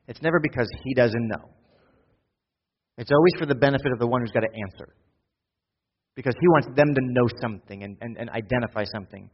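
A pastor preaching a sermon, swinging from loud, quick urgency to hushed, slow intimacy. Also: male voice, medium pitch, husky, big-room sound, highs cut off. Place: church.

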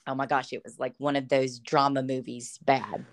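A woman's voice: a bass voice, level tone, normal speed. A woman, a podcast guest, telling her faith testimony in casual chat, earnest and emotional, often breaking into laughter.

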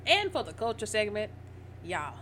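A woman's voice: medium pitch, sing-song, moderate pace, a bit bright, a little hiss or hum. A woman with a rural Southern American twang, co-hosting a casual sports podcast in a teasing, drawling way. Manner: teasing, drawling, laughs easily. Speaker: podcast co-host. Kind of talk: casual chat.

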